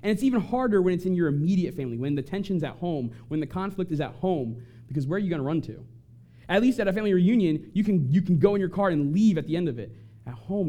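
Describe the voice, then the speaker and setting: A man giving an animated talk to an audience and acting out short quoted voices. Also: on the high side. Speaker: speaker on family conflict.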